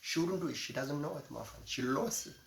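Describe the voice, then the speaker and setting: A middle-aged man from Eritrea, delivering a passionate, ranting monologue that swings between loud outbursts and low asides, often repeating "my friend". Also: a little fast, creaky, heavy background noise. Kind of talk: impassioned monologue. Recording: echoey room with faint ambience.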